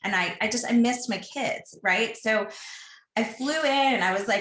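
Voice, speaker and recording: A woman in her thirties tells a personal story on a podcast in a casual, chatty way, often stopping to restart a thought. Her voice is bright and forward. The room around her is echoey and noticeably roomy. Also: a little high, lively intonation, a little slow.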